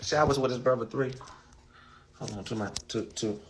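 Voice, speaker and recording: A man talking casually to his livestream viewers, animated and rambling, repeating himself often. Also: mid-range voice, moderate pace, noisy background.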